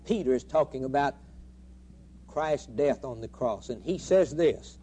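A man's voice: mid-range voice, lively intonation, unhurried, dark tone, slight background noise. A man preaching a sermon with emphatic, rhythmic repetition.

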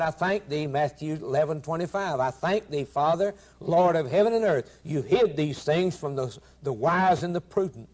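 A man's voice: on the high side, a little mellow. Emphatic man preaching a sermon. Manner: earnest, emphatic, quoting scripture in old-fashioned wording; direct address to listeners with rhetorical questions.

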